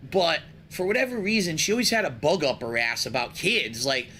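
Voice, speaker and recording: A man with a high, bright voice rambles through a story from his past, sounding aggrieved at how he was treated. His pitch swings a lot, and faint hiss sits under the replayed clip. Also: big pitch swings, brisk. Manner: rambling, indignant anecdote. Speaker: streamer telling a story. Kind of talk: casual storytelling.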